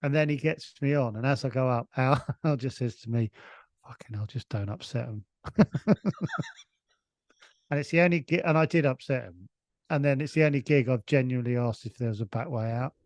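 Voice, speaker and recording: A man's voice: medium pitch, brisk, darkish tone, dry recording. Man, middle-aged, rambling anecdote, dry recording. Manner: rambling storyteller with frequent restarts and laughs. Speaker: comedian guest. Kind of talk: casual anecdote.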